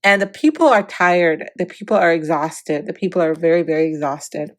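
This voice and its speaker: A woman's voice: fairly low pitch, normal speed. A woman hosting a celebrity gossip vlog, giving preachy, opinionated commentary with emphatic repetition.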